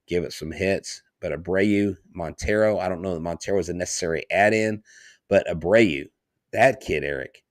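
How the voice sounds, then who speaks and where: A man co-hosting a baseball podcast, talking in an emphatic, animated way. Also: deep voice, no room sound, clean studio sound. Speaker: podcast co-host. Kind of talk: casual sports chat.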